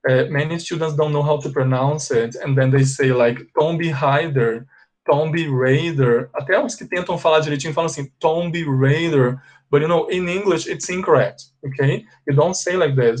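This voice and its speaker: A man's voice: a little high, a little mellow. A Brazilian man teaching an English lesson in a classroom. He has a Brazilian Portuguese accent, draws out example words and keeps checking in with "ok?". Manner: explains slowly, stretches example words, checks in with "ok?". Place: classroom with a board.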